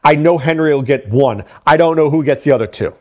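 Animated man giving fantasy football picks. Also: fairly high pitch. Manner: animated, fast asides and self-repeats. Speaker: fantasy sports analyst.

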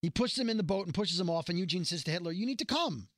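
A man's voice: high-pitched, lively intonation, fast talker, dry recording, clean studio sound. A man co-hosting a casual chat, recapping a story at length and acting out the characters' lines as he goes. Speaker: podcast co-host recapping a TV episode.

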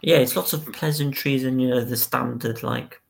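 A man's voice: medium pitch, steady tone, moderate pace, creaky. A man co-hosting a casual football podcast, recounting the news step by step and reading out statements. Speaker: podcast co-host.

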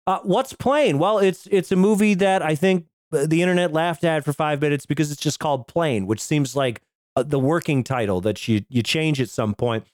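A man hosts a casual comedy movie podcast with a slightly raised pitch. He rambles and jokes, swearing freely. The sound is dry and close. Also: moderate pace, no echo. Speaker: podcast host.

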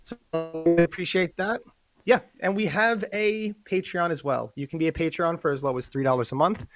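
A man's voice: fairly high pitch, brisk, faint music behind. Hyped man with a New York accent. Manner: energetic, hyped-up promo delivery. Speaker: podcast co-host. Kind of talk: casual podcast chat.

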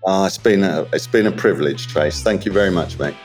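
A British man chatting as a podcast guest, telling stories in a relaxed, slangy way. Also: low-pitched, fairly quick, faint music behind. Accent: British English. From England. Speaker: guest, water treatment expert. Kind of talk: casual interview chat.

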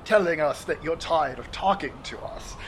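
A man's voice: fairly high pitch, animated, normal speed, a little hiss or hum, close to an everyday voice. A man playing a dry-witted adventurer in a tabletop game, asking sardonic questions. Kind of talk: in-character tabletop role-play.

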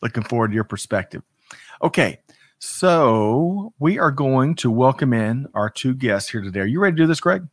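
A male host greets viewers by name, upbeat and chatty, often tripping over his words. His voice sits at a middle pitch. The sound is dry, with no room echo. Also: animated, moderate pace. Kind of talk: livestream talk show.

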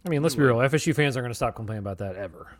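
A man's voice: mid-range voice, expressive, racing. A young man co-hosting a casual podcast chat, rambling through stories and acting out the voices in them. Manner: rambling, acts out quoted voices. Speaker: podcast co-host.

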